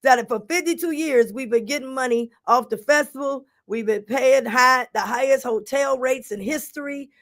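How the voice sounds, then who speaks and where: A woman's voice: high voice, normal speed, hardly any pauses, fairly bright tone. A middle-aged woman radio host and commissioner telling a story in an emphatic, preacherly way, acting out the dialogue. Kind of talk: animated storytelling talk.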